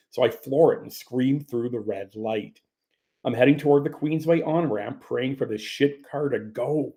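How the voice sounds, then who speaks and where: A man's voice: mid-range voice, brisk, a little mellow. A man reading his own memoir as an audiobook, in a tense, profane first-person storytelling manner.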